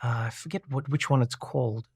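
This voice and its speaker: Podcast guest, man, lively storyteller, dry close mic. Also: mid-range voice, brisk, gravelly, husky, dry recording. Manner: animated storyteller, acts out quoted voices. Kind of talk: casual conversation.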